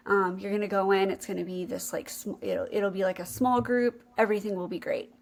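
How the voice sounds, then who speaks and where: A woman's voice: mid-range voice, steady tone, a little fast, few pauses. A young adult woman hosting a podcast, telling a personal faith story in an earnest, emotional way. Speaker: podcast co-host.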